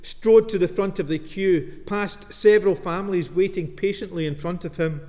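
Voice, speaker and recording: A man preaching a sermon as minister, telling a story with dramatic pauses. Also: sits high, mellow. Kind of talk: sermon with Bible reading. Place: church. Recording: long reverb of a church.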